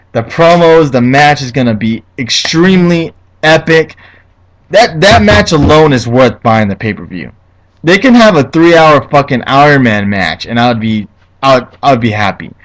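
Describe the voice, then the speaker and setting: A man's voice: medium pitch, fairly bright tone, poor audio. Ranting, foul-mouthed young man reviewer. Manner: profane, ranting, easily heated. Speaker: wrestling show reviewer. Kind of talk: casual solo review.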